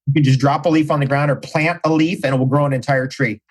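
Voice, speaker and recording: A man's voice: mid-range voice, steady tone, fast, breathy edge, poor audio. A middle-aged man, a podcast guest, telling stories in casual conversation with enthusiasm and slang.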